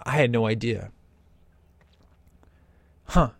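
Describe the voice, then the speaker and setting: Host, male, eager watch-along commentary, mid pitch, dry close sound. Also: normal speed, no echo. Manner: excited, enthusiastic, imitates characters. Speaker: host reacting to a film.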